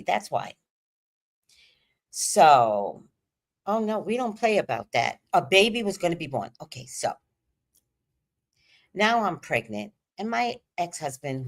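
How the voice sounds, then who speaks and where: A woman host telling a candid personal story on a livestream, animated and profane, swinging between loud emphasis and hushed asides. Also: sits low, measured pace, gravelly, long pauses.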